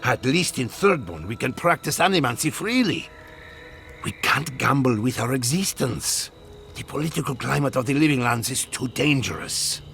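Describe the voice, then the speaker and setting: A wry skeptical game adviser. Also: male voice, medium pitch, lively intonation, normal speed, gravelly, fairly bright tone, faint music behind. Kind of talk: video game voice acting.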